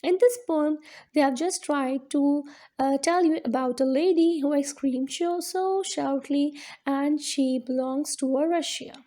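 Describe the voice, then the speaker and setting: A woman teacher explains a lesson at an unhurried pace. Her voice sits high and mellow, and she goes step by step, circling back to repeat her points. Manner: slow, explaining step by step with repetitions. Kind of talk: classroom lesson on limericks.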